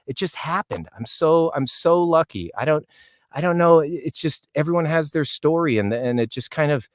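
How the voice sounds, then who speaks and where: A man's voice: fairly high pitch, lively intonation, moderate pace, no room sound, clean studio sound. A man, an actor as a guest, telling stories in a casual interview in an eager, rambling way that often breaks off and restarts.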